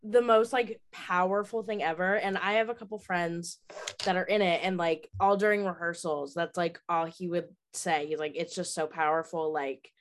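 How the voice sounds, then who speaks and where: A woman's voice: lowish voice, moderate pace. A woman co-hosting a podcast, gushing in casual chat and saying "like" often. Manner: gushing, lots of "like". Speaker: podcast co-host.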